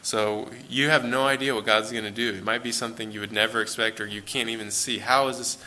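A man with an American accent preaching a sermon in a church, conversational and relaxed, with fillers and self-corrections. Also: fairly low pitch, fast talker, slight background noise.

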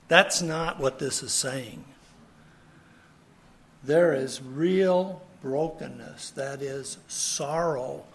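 A man's voice: fairly high pitch, vocal fry, slight background noise. A man preaching a sermon in an earnest way, repeating his key phrases for emphasis. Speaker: pastor.

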